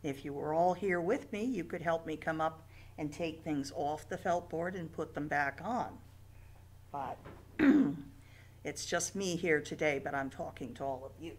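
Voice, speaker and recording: A woman librarian leading a toddler story time, chanting nursery rhymes and reading a picture book aloud in a slow, sing-song way. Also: low-pitched, animated. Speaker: children's librarian. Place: library, alone on camera.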